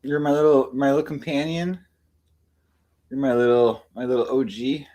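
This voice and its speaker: A man's voice: mid-range voice, expressive, normal speed. A man hosting a livestream, cooing affectionate baby talk to his cats between remarks to the chat. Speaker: livestream host.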